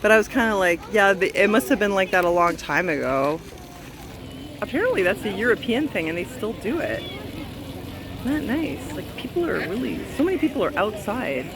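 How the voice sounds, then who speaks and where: Holding her phone as she strolls a city park, this Canadian woman vlogs casually, speaking fairly quickly at a medium pitch with big swings in her intonation. She gushes and exclaims throughout, and outdoor park sounds can be heard behind her.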